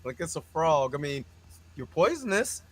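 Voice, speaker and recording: High, bright-voiced joking man. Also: moderate pace. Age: adult parent. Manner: animated, joking, slangy. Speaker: show host. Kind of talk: casual movie review chat.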